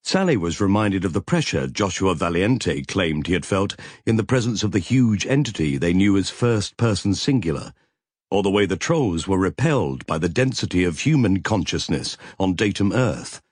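A male audiobook narrator with a husky, fairly low voice. His reading is measured yet expressive, pitch rising and falling freely. The sound is close and dry. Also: no room sound. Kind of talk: scripted narration.

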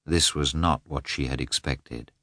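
A man narrating a classic novel as an audiobook, in an expressive, measured telling. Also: rumbling low, no room sound, clean studio sound.

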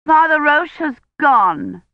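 A woman's voice: high-pitched, animated, slow pace, no room sound, pitched above the performer's own voice. Sullen bossy medieval sister, read by a woman; scolding tone, dry close recording. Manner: scolding, sharp old-fashioned speech. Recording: dull dry audiobook recording.

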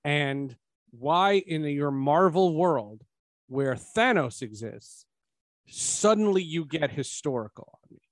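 A man's voice: a little high, takes it slowly, dry recording. A man hosts a casual podcast review, his slightly raised voice climbing as he drives home emphatic points. The sound is dry and close, with little room around it. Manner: animated, rising to emphatic points. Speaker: podcast host. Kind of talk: casual film review chat.

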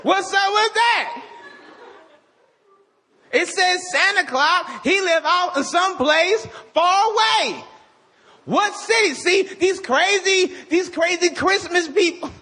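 A man putting on a mocking, indignant male blogger who rants against Santa Claus, shouting and laughing as he goes. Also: lively intonation, takes it slowly, exaggerated voice. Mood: mock ranting. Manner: shouting, laughing, high-pitched mockery.

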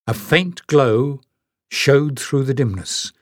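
A man narrating a fantasy audiobook in a steady, expressive storytelling manner. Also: fairly low pitch, takes it slowly, breathy edge, no room sound, clean studio sound. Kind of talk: scripted narration.

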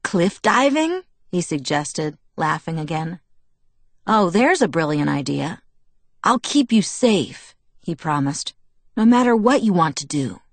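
A woman voicing an eager, remorseful teenage werewolf boy who rushes and trips over his words, in an audiobook reading. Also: low voice, animated, no room sound, full character voice.

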